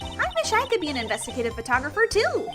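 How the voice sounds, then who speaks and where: A woman voicing a bubbly, excitable teenage girl spirit medium in a video game, with squealing delivery. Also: high-pitched, quick pace, pitched above the performer's own voice. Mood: eager. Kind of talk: reading a video game aloud. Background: game music.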